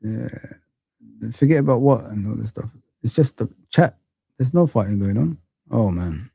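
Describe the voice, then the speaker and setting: A man's voice: mid-range voice, lively intonation, moderate pace, vocal fry, warm tone, breathy edge. A man, hosting a casual live-stream chat, rambling and puzzled, with many fillers and repeated questions. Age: 40s. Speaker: host.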